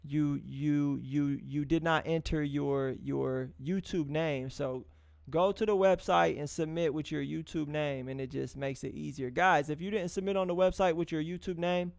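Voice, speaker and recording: A man with a high-pitched voice hosts a live music review stream, chatting casually with his audience. He talks in a loose, encouraging way, full of slang, restarts and hummed pauses. The sound is dry and close. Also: steady tone, gravelly, no room sound. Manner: loose, repetitive, restarts and drawn-out hums; encouraging, street-casual address to viewers. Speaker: livestream music review host.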